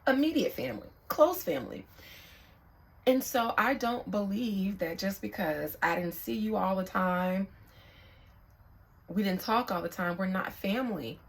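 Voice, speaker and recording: A young psychic reader speaks frankly in a relaxed vlog, thoughtful and quick with a curse word. She sounds animated, with a mid-range voice and vocal fry, on a rough recording.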